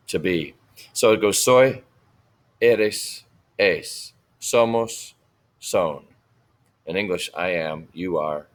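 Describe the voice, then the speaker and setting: A man teaching a recorded Spanish lesson, patiently repeating words slowly for students to copy. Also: deep voice.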